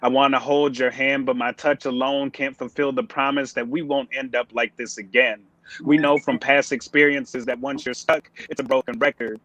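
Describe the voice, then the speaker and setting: A man's voice: mid-range voice, flat delivery, moderate pace, a bit bright, no room sound, rough recording. Man reciting spoken word poetry. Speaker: open mic poet. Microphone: video call.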